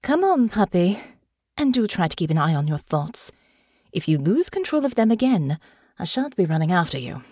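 A woman voicing a cool, haughty aristocratic woman who talks in a crisp, condescending way. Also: lowish voice, very animated, moderate pace, darkish tone, no room sound, studio quality.

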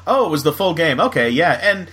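A man's voice: on the high side, big pitch swings, fairly quick, a bit bright. Chatty man from Florida, easygoing host. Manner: chatty, full of fillers and laughs. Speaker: podcast host. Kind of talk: casual chat.

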